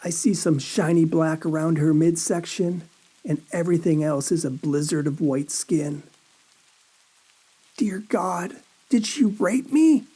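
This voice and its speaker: A man reads a first-person horror story at an unhurried, drawn-out pace. His voice is mellow and warm, and his delivery is a dazed, anxious inner monologue full of halting questions. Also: a little high, steady tone, breathy edge.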